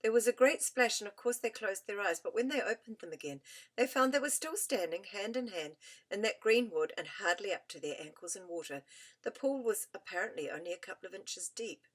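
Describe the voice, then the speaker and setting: A woman narrates a storybook in a gentle, expressive way, her pitch rising and falling freely from line to line. Her voice sits in a middle register, neither high nor low. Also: fairly quick. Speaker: audiobook narrator. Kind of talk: storybook reading aloud.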